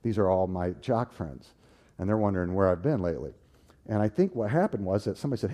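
A man preaching and telling his own story, swinging from loud, animated bursts to hushed, tender tones. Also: lowish voice, quick pace. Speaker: preacher giving a personal testimony. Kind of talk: sermon storytelling.

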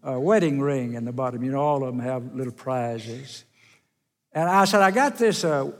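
A pastor preaches a sermon in a church sanctuary, telling folksy stories with his voice swinging widely in pitch and loudness. The recording carries a long church-hall reverb.

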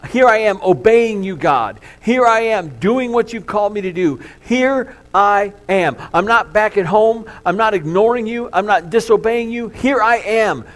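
A man's voice: sits high, expressive, unhurried, hardly any pauses, voice pushed up. A male pastor voicing a faithful aged patriarch, making firm and repeated declarations in his own voice. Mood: resolute.

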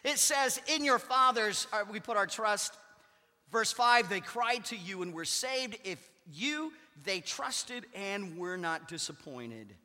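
Pastor type, male. High, bright, lively voice. Preaches with big swings from loud to quiet, in a church with a long echo. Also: takes it slowly. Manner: emphatic preaching, swings between loud declarations and hushed asides. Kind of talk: sermon. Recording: long hall reverb.

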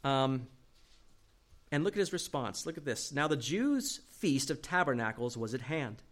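A man preaching a sermon, reading scripture aloud and explaining it in an animated way, dropping quiet for emphasis. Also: mid-range voice, measured pace.

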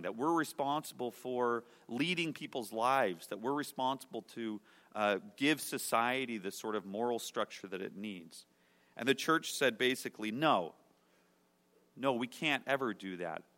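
A man preaching a sermon as pastor, emphatic, moving between loud declarations and hushed, quiet passages. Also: medium pitch, in a large hall.

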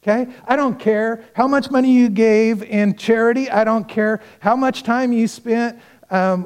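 A male pastor preaching a sermon, telling a parable with acted-out dialogue and speaking earnestly and directly to the congregation. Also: sits high. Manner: storytelling with acted-out dialogue, swinging between loud and hushed.

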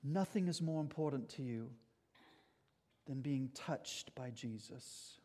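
A man's voice: medium pitch, takes it slowly, warm tone. A man preaching a sermon as pastor, earnest and emphatic, speaking directly to his congregation.

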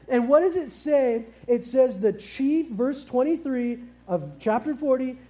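A man preaching a casual, lively sermon to families, often asking the congregation questions and using easygoing slang. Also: very high-pitched. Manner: lively, engages the audience with questions. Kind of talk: family sermon with kids present.

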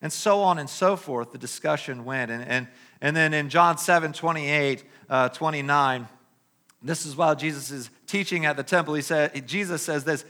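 Brief: preacher, man, slightly high and bright; swings between emphatic reading and soft asides. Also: normal speed. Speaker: pastor. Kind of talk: sermon.

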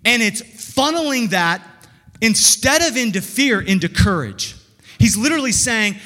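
A male pastor with a notably high voice preaches in a warm, conversational way, stumbling over restarts and firing off rhetorical questions. His words ring out with a long reverb, as in a large hall. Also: lively intonation, unhurried. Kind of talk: sermon.

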